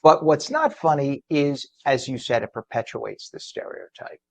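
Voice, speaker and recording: A man hosting a morning TV show, interviewing a guest in a conversational broadcast manner that grows animated when he makes a point. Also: medium pitch, moderate pace, vocal fry, no echo.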